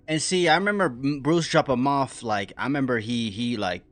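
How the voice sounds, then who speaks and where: A man reacting to a stream in casual commentary, rambling with many fillers and slang, dropping quiet and then bursting out loud. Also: mid-range voice, a little fast, no room sound, faint music behind.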